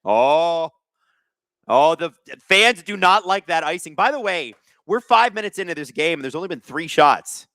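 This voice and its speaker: Lively, bright-voiced man hosting a hockey stream. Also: on the high side, moderate pace, dry recording, studio quality. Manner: jokey, reads chat aloud, bursts of excitement. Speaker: host of a live hockey watch-along stream. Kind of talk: casual live-stream play-by-play and chat.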